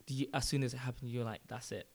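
A male interviewer asks questions in a level, even tone. He keeps the talk going with short murmurs of agreement. His voice stays flat in pitch. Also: racing. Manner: steady questions, constant backchannel murmurs. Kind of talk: casual interview.

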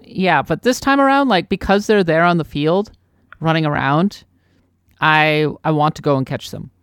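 A woman's voice: deep voice, moderate pace, smooth, dry recording, studio quality. A woman from the US Midwest co-hosting a gaming podcast, chatty, enthusiastic and self-deprecating in casual conversation. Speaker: podcast co-host.

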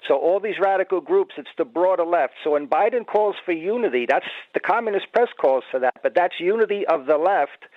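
A man's voice: high voice, animated, a little fast, hardly any pauses, no echo. A man on the phone to a radio show, earnestly laying out a political theory. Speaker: caller. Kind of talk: phone-in call. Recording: tinny phone line.

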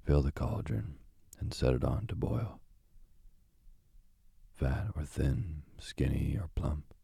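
A man's voice: rumbling low, lively intonation, slow, creaky, warm tone, slightly rough, no room sound, clean studio sound, exaggerated voice. A man voicing a cruel, greedy old witch who scolds and bosses. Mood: scolding. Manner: scolding, bossy.

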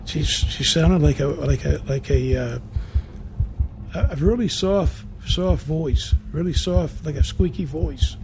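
A man telling a first-person ghost story in a rambling, halting way, full of restarts and repeated words. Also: on the high side, background noise.

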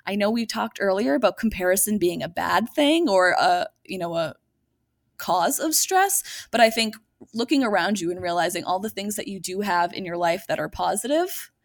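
A woman's voice: mid-range voice, lively intonation, moderate pace, dry recording, clean studio sound. A woman co-hosting a podcast, speaking earnestly in casual conversation and laughing easily. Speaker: podcast co-host.

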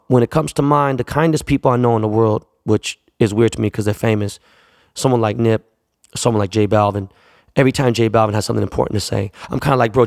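A man's voice: medium pitch, gravelly, no room sound, clean studio sound. A man, a jeweler, telling a long casual anecdote in a profane, rambling way, acting out the people he quotes. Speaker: jeweler and store owner.

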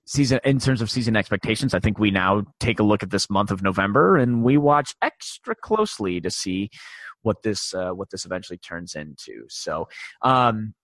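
A man in his forties hosts a casual sports podcast, his voice sitting a little low. He rambles, stopping and restarting with plenty of fillers. The sound is dry and close. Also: lively intonation, normal speed, a bit bright, dry recording. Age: 40s. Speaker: podcast host.

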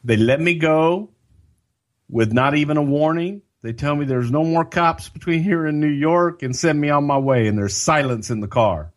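An older man telling a story in a casual podcast chat, as a lively storyteller who jumps into other people's voices. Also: on the high side, normal speed.

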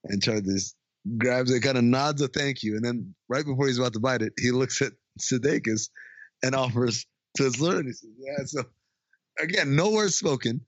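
A man in casual chat, retelling a movie scene by scene, acting out the lines in quick funny voices and laughing often. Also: mid-range voice, no room sound. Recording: dry, dull lo-fi sound.

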